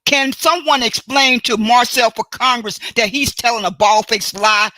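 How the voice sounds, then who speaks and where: A woman hosting a solo live stream, talking in a deliberate, emphatic way and often stopping to correct and repeat herself. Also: a little high, pushed and bright. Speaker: livestream host. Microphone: computer mic for a live stream.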